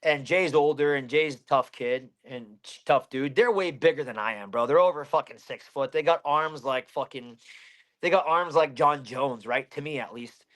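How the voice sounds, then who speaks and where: A man's voice: medium pitch, moderate pace, a bit bright. A man in his thirties from Pennsylvania, a fighter telling a story in an interview, blunt and heavy with swearing.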